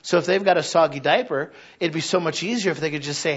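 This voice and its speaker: A man in his thirties preaching a conversational sermon, animated and acting out little quoted voices. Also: a little high, fast, slightly rough, highs cut off.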